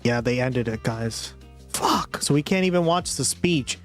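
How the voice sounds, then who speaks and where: A man's voice: mid-range voice, faint music behind. A man livestreaming, reacting to results and talking to his chat with lots of swearing. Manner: profane, drawn-out excited reactions to chat. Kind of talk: live stream reaction commentary.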